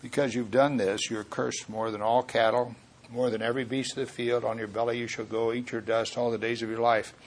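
A preacher reading the lines of God as a solemn, sorrowful father figure, quietly. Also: mid-range voice, flat delivery, brisk, lightly acted. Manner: soft, sorrowful, grave. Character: grieved, solemn male God.

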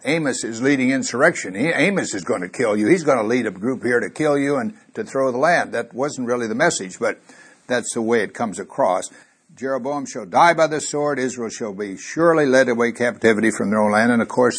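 A man preaching a sermon, telling a Bible story and getting louder when he quotes scripture. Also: mid-range voice, slightly rough. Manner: animated, rising loud on quoted scripture.

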